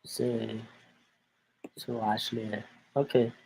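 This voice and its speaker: A man hosting a show, casually commenting on a video and thinking out loud. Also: fairly low pitch, little pitch movement, takes it slowly, gravelly, slight background noise. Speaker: host.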